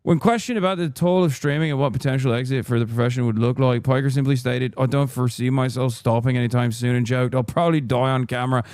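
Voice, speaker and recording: Hammy put-on Irish reader, done by a man, crisp dry voice, theatrical. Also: mid-range voice, steady tone, quick pace, few pauses, darkish tone, no echo, natural voice. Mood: mock newsreader. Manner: theatrical, exaggerated brogue. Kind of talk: reading an article aloud.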